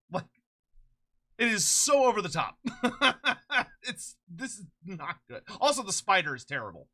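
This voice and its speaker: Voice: mid-range voice, unhurried, long pauses. Sleepy but hyped streamer rambling on a live stream, swearing and laughing, voice jumps all over. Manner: excitable, swears freely, laughs often; rambling with frequent restarts. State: short on sleep. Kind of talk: casual live-stream chat.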